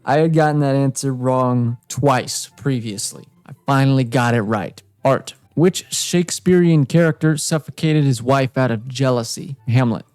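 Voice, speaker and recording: A man's voice: medium pitch, moderate pace, few pauses, darkish tone, clear, resonant tone, no room sound, soft background music. A young man playing a trivia game, reading each question aloud and reacting with exasperated, self-mocking outbursts. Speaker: gaming YouTuber. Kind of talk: casual gameplay commentary.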